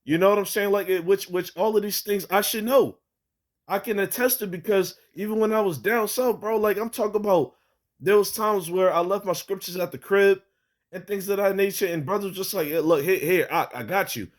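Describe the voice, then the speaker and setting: A man's voice: sits high, steady tone, a little fast. A young man with a slightly raised voice tells a personal religious testimony in a loose, rambling way. He restarts sentences constantly, leans on fillers like "you know" and "like", and swears casually. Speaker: religious vlogger giving testimony.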